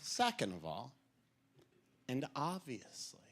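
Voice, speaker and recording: Animated New stand-up comic. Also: male voice, mid-range voice, a faint crowd, a little hiss or hum. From New York City. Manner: animated, rapid-fire joke delivery. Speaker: stand-up comedian. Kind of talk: stand-up comedy.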